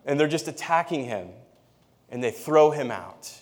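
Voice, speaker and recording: A man's voice: on the high side, lively intonation, normal speed. A man preaching a sermon in a conversational way, laughing now and then and reading scripture aloud. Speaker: pastor.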